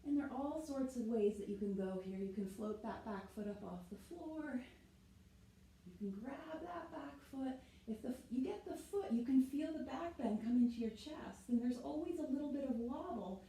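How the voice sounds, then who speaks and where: A woman teaching yoga talks through the poses as she demonstrates them, often adding "right?" and sounding a little out of breath. Her voice sits high and is animated yet mellow, at normal speed. The rough recording has a roomy sound and slight background noise.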